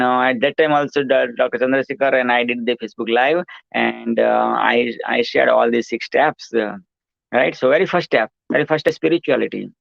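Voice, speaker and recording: A man's voice: medium pitch, gravelly, no echo, highs cut off. A man hosting his own show, giving a rambling motivational monologue, repetitive and preachy, full of "you know" and "right".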